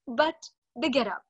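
A middle-aged woman, a mindfulness coach giving an animated, expressive webinar talk on parenting. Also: on the high side, dull audio. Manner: expressive, animated storytelling with acted-out quotes.

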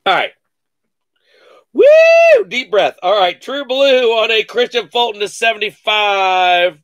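A man hosting a live sports card break, calling out each card with excited slang and cursing. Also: high voice, no echo. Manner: excited, calls out cards rapidly with slang and cursing.

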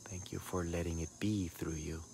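A man giving a soft, intimate, heartfelt sign-off to his livestream, mixing in words. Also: sits low, monotone, a little slow, vocal fry, a little hiss or hum. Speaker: spiritual livestream host.

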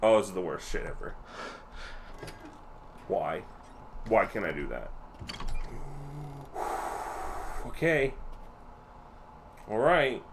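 A man's voice: on the low side, big pitch swings, slow, vocal fry, long pauses, a little hiss or hum. Jumpy, foul-mouthed male game streamer. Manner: panicky, loud and profane, yelping in fright. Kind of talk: live horror game commentary.

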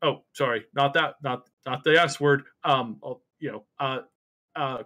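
A man's voice: a little high, measured pace, a bit bright. A man hosting a casual gaming podcast, rambling with many fillers and restarts. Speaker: podcast host.

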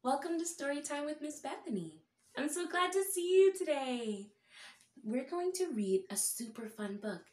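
A high-voiced woman leads a toddler storytime, her pitch leaping up and down as she reads. She speaks slowly and sweetly, stretching her words for little listeners, and the room around her rings with echo. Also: lively intonation, darkish tone. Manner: sing-song, slow and exaggerated for small children. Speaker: preschool storytime teacher. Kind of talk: interactive read-aloud for toddlers.

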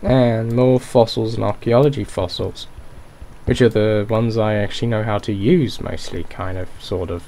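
A man's voice: on the low side, steady tone, normal speed, dark tone, a little hiss or hum. A man casually talking through his game as he plays, rambling and poking fun at himself, with a dry throat. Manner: rambling, self-mocking, thinks aloud. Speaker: gaming YouTuber. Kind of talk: Minecraft let's play commentary.

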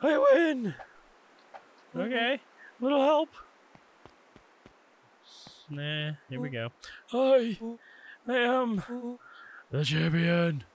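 A gamer voicing an excitable, boastful young boy in a game, crowing over a win. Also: mid-range voice, very slow, pauses often, voice pushed up, full character voice, low-quality recording. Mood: gloating.

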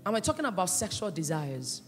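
A woman pastor preaching a sermon with passion, swinging between loud cries and hushed asides. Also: fairly low pitch, sing-song, brisk. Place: church hall. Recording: echoey church hall, with faint music.

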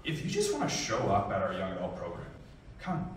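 A man's voice: deep voice, huge pitch swings, a little fast, a little hiss or hum. Earnest young male pastor in echoey hall. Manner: earnest, conversational, frequent ums. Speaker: youth and young adults pastor. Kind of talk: church talk and prayer. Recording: echoey room, distant mic, faint ambience.

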